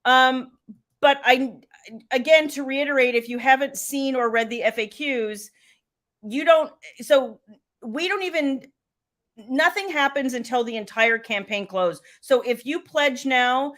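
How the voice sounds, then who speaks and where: A woman's voice: sits high, measured pace, fairly bright tone. A middle-aged woman author hosting a casual livestream, chatting, laughing and greeting viewers by name. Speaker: author and live show host.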